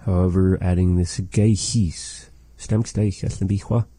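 A man teaching a language lesson, patiently saying phrases slowly and repeating them for practice. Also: low-pitched, fairly even intonation, warm tone, slightly rough, no room sound.

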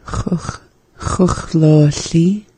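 Woman, learner, repeating lesson phrases, dark mellow tone, dry close sound. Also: deep voice, steady tone, very slow, husky, no room sound.

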